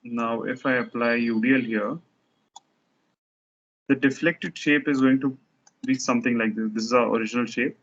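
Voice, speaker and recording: A man's voice: mid-range voice, fairly even intonation, normal speed, long pauses. Man lecturing on structures, muffled audio. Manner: explains step by step while drawing, with frequent restarts.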